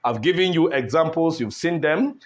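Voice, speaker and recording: A man teaching an online English pronunciation lesson, speaking deliberately, repeating words and asking "all right?" as he goes. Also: a little high, expressive.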